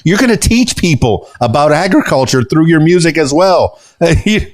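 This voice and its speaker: A man hosting a podcast interview, talking in a rambling way with lots of pauses and fillers. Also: fairly high pitch, animated, no echo. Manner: warm-hearted, rambling, many uh fillers. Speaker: podcast host. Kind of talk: casual interview chat.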